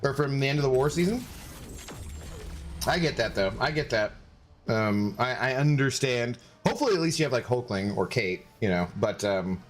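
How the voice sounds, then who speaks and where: A man streaming a video game, chatting casually with viewers in a halting, rambling way with many restarts. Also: medium pitch. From Washington State, United States. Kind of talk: casual gaming stream chat.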